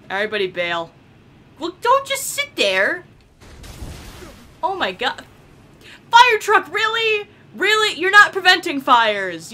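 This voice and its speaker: A young woman casually commenting on a game she is playing, excitable and giggly, swearing often. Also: high-pitched. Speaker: gameplay commentator. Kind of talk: casual let's-play commentary.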